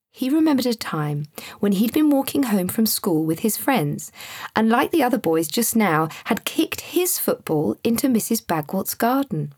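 A woman reading a children's story aloud in a gentle, expressive way. Her voice is a little husky and sits at a middle pitch. The recording is close and dry. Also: no echo. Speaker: narrator.

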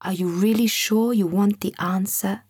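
A woman reading the lines of a kind, wise male guide, speaking in a soft, gentle voice. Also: mid-range voice, steady tone, normal speed, slightly rough, no room sound, studio quality.

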